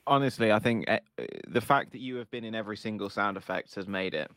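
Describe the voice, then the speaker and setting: A man's voice: lowish voice, fast, a bit bright, no echo. A man who is a regular on an improv podcast, chatting earnestly in long, rambling sentences with restarts. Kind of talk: casual chat.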